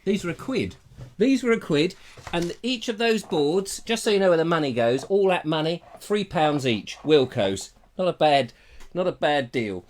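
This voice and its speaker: A man's voice: a little high, big pitch swings, normal speed, a little hiss or hum. A man from England hosting a live stream, chatting in a jokey, rambling, theatrical way on a lapel mic. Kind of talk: casual live chat.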